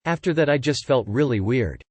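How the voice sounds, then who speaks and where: A man narrating online forum posts aloud in a steady, scripted reading style. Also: medium pitch, normal speed, husky, no room sound.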